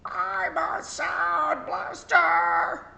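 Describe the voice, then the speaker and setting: A woman voicing a loud, bubbly little girl who hollers with energy, in a storybook. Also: a little high, very animated, slow, echoey room, voice pushed up.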